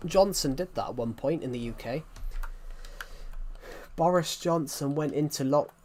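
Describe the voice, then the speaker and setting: A man's voice: on the high side, unhurried, a little mellow. A British man streaming live, chatting casually in an opinionated, rambling way with many restarts. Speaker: livestreamer. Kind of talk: casual livestream chat.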